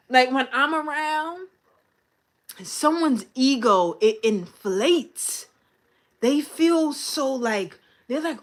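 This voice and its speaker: Boastful woman streamer, slightly high voice. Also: expressive, drawn-out words, pauses often, a bit bright. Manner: boastful, confident, repeats points for emphasis; slangy, blunt, talks straight to viewers. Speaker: livestream host. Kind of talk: casual livestream chat.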